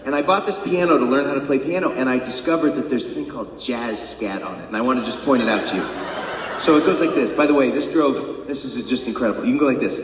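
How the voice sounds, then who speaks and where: A man's voice: mid-range voice, quick pace, noisy background. Laughing man telling stories on stage. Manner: laughing, profane, comic storytelling. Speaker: singer-songwriter performing live. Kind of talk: stage banter storytelling. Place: concert theater stage. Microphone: stage vocal mic. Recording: echoey hall from far off. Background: audience ambience.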